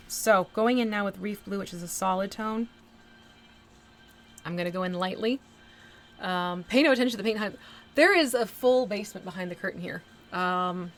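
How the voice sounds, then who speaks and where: A woman hosting a casual painting livestream, thinking aloud as she works and answering her chat with bursts of excitement. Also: medium pitch, brisk, long pauses, faint music behind. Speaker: livestream host painting a miniature. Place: home art desk near an air conditioner.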